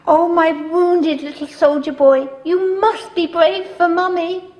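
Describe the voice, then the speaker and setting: A woman's voice: extremely high pitch, steady tone, slow, a little mellow, big-room sound. A woman playing a fussy, anxious lady who dotes on her lapdog, talking in cooing baby talk in a film drama.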